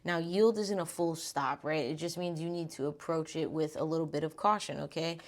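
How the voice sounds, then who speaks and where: A young woman with a low voice reads tarot cards in a loose, chatty way. She talks informally, a little out of breath, and drops the odd swear word along the way. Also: fairly even intonation, normal speed. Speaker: tarot reader. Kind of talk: casual tarot reading.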